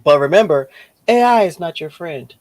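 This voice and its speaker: A man co-hosting a casual chat, calm and blunt, steadying his excitable partner. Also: fairly high pitch, moderate pace, no room sound. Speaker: podcast co-host.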